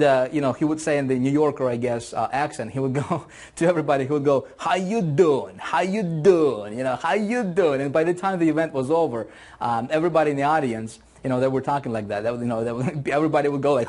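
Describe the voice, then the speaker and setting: A man's voice: mid-range voice, darkish tone. A man teaching an online marketing course in a motivational video lesson, talking with energy and enthusiasm and repeating phrases for emphasis.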